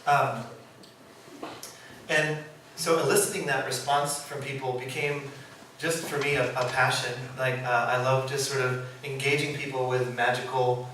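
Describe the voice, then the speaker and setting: A man telling puppet stories in an animated, informal way, laughing easily and acting out the lines as he goes. His voice sits in the middle range and rings around a very echoey room, picked up from a distance over steady noise. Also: medium pitch, normal speed. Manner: animated, laughs often, acts out quotes. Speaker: puppeteer giving a presentation. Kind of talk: informal storytelling talk. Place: presentation room. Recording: echoey room, mic far, background noise.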